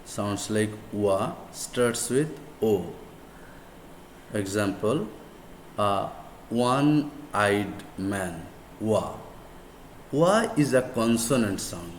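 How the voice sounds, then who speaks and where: A man whose first language is Bengali, with a Bangladeshi accent, teaching English grammar in a deliberate lecture style and repeating words and examples for emphasis. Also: on the low side, expressive. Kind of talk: slow classroom lecture. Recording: echoey room with faint background noise.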